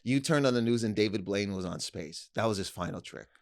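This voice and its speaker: A man's voice: lowish voice, fairly quick, creaky, darkish tone, dry recording, studio quality. A man co-hosting a casual podcast who jokes and riffs on absurd scenarios. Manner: joking, riffs on absurd ideas. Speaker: podcast co-host. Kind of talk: casual chat.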